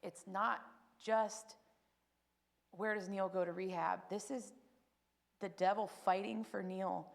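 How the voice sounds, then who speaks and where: With a gravelly, medium-pitched voice, this woman speaks slowly and leaves long pauses as she gives her church testimony. She tells it with deep feeling, animatedly performing the words of others in her story.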